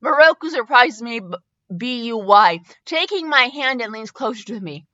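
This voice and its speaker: Woman host hamming up a fanfic reading, highish voice, dull lo-fi sound. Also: animated, moderate pace, sharp tone, dry recording. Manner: mock-dramatic, spells words out. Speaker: podcast host. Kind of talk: comic reading of fan fiction. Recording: dull dry lo-fi recording.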